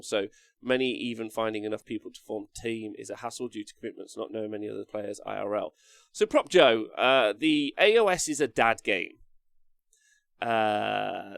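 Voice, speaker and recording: A man's voice: fairly low pitch, creaky, dry recording. A man hosting a live stream, rambling casually through viewer comments and swearing now and then. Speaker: live-stream host reading chat.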